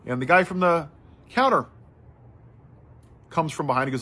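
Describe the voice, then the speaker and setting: A man giving impassioned social commentary, telling a story and then building to forceful outrage. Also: medium pitch, fast talker, long pauses.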